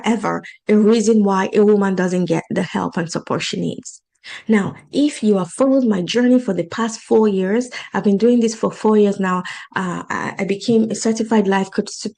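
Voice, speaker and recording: A woman with a non-native English accent, working as a life and financial coach, talks casually and encouragingly about her coaching program, repeating points for emphasis. Her mid-range voice is warm and creaky, and the audio quality is poor.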